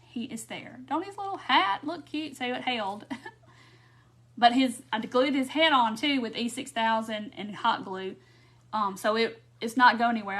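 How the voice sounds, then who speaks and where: Chatty woman, slightly high voice. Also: a bit bright. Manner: chatty, laughs often, answers viewer comments. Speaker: craft tutorial host. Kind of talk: casual live craft demonstration. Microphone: phone or camera mic on a live stream.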